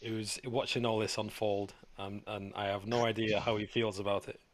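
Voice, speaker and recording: Low-voiced man running a tabletop game. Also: flat delivery, no room sound. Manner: halting, filler-heavy narration. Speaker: game master.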